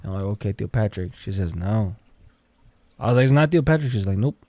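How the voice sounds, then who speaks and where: A man's voice: fairly low pitch, animated, quick pace, warm tone, dry recording. A man guest on a podcast, telling a story casually and acting out the quotes, with swearing.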